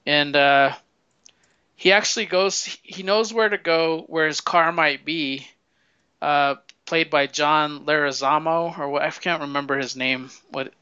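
A man chats casually, telling a film's story in a loose, profane ramble and acting out the characters' lines. His voice sits a little high, bright and clean. The recording is dry and a bit dull. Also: measured pace, clean tone, no room sound. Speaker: movie fan recommending films. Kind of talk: casual chat.

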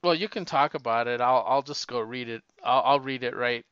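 A man's voice: mid-range voice, brisk, fairly bright tone, smooth, dry recording, muffled recording. A man co-hosting a podcast, chatting casually about comics, rambling with restarts and laughs. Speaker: podcast co-host.

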